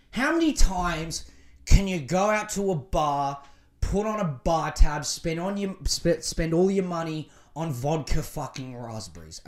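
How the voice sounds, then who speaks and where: High-voiced, swearing podcast host. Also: male voice. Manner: profane, joking and rambling. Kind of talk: casual solo podcast rant.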